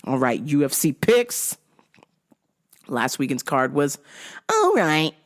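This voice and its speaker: A woman's voice: low voice, wildly swooping pitch, slow. A woman hosting a vlog, giving casual, profane, giggly commentary full of slang. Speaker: vlog host.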